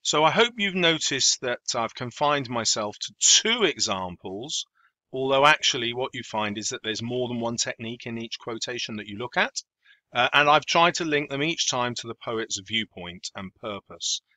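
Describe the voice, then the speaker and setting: A man's voice: mid-range voice, animated, normal speed, pushed and bright, no room sound, rough recording. A man with a British accent, teaching poetry analysis for exam revision, talking it through thoughtfully with frequent ums and self-corrections. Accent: British English. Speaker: English teacher.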